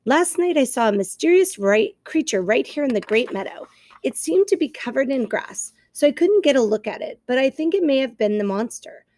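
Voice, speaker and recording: A woman's voice: high-pitched, expressive, normal speed, a little mellow. A woman doing a bossy, wary owl.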